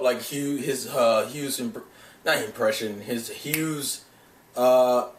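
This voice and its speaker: A young man ranting excitedly about an anime dub, swearing a lot and often restarting his sentences. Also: on the high side. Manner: profane, animated, gushing with restarts. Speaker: vlogger reviewing an anime dub. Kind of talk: casual excited rant. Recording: echoey room, mic set back.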